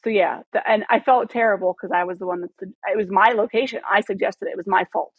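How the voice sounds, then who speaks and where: A woman in her thirties, a podcast guest telling a long story in a casual, animated way, swearing freely and acting out the dialogue. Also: mid-range voice, fast talker, slightly rough, no room sound, muffled recording. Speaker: podcast guest, photographer and former model.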